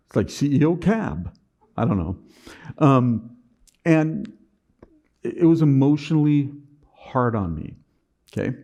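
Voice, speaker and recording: Very animated yet unhurried, a man with a medium-pitched, dark-toned voice pauses often while giving a motivational conference talk, recorded with lo-fi sound. He repeats words when starting sentences and has a dry, sarcastic sense of humor.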